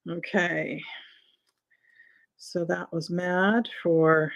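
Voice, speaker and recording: Middle-aged woman, live sale host, unhurried, reading out prices and lot numbers in a friendly, chatty way. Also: on the low side, fairly bright tone, dull audio. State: has the hiccups. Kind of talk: live-streamed vintage sale chat.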